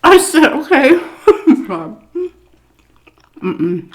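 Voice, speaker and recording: A woman vlogger telling a story on an eating vlog, animated and profane, often clearing her throat. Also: mid-range voice, measured pace.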